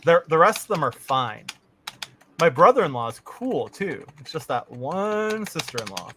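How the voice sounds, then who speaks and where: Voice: medium pitch, big pitch swings, normal speed, pushed and bright, slight background noise. A podcast co-host from Canada chatting casually, telling profane stories and laughing often. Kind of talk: casual chat.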